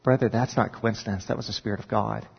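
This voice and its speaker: A man, a pastor, telling a personal story in a sermon with animated, rising emphasis when he recounts his prayers. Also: on the low side, quick pace, creaky, slightly rough. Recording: dull sound with long reverb in a large hall.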